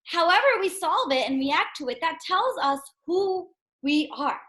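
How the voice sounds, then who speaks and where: A woman with a high voice teaches a reading lesson to young children. She speaks gently and asks many questions. She keeps checking in with her listeners. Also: expressive, measured pace.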